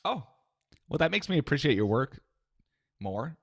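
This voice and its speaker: A man co-hosting a podcast, teasing his partner with a deadpan delivery. His mid-range voice still moves around a lot, and the recording is dry and close with no room sound. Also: mid-range voice, normal speed, vocal fry, no echo. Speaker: podcast co-host. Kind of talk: comedic casual chat.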